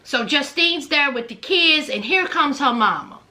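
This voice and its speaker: A woman's voice: high-pitched, animated, measured pace, bright, forceful tone, slight background noise. A woman giving a chatty, gossipy recap of a reality show, laughing often and calling listeners honey. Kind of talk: casual commentary.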